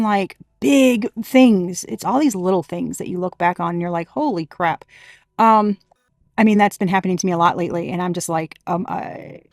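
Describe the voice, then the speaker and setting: A woman's voice: medium pitch, no echo, clean studio sound. A woman giving a casual spiritual tarot reading to her viewers, chatty and emphatic, laughing often and swearing freely. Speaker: tarot reader.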